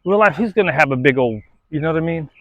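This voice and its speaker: A man's voice: fairly high pitch, animated, fast, no echo, dull audio. A man, a dog trainer, giving casual, conversational training advice outdoors and often checking in with "right?". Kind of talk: casual instructional talk.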